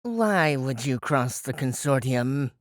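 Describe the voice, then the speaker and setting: A man voicing a pale, sinister mist woman who speaks slowly and ominously in an audiobook. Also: mid-range voice, animated, no echo, studio quality. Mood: menacing.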